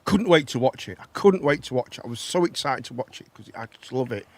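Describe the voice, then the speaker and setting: A man hosting a live online chat show, rambling and animated, often laughing. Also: mid-range voice, quick pace, no room sound. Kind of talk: casual chat.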